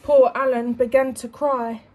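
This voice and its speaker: A woman teacher reading a picture book to young children, expressive and asking them questions. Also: sits high, a little slow.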